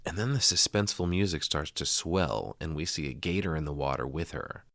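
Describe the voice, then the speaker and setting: Man, low voice, crude casual podcast chat, dry close sound. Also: animated, creaky, a bit bright, no echo. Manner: crude, joking, quick asides. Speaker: podcast co-host. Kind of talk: casual movie breakdown chat.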